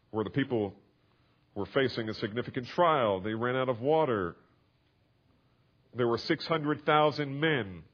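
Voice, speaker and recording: A man's voice: fairly low pitch, lo-fi sound. A man preaching a sermon, explaining a scripture passage step by step and building to emphatic, raised passages. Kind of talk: sermon, expository Bible teaching.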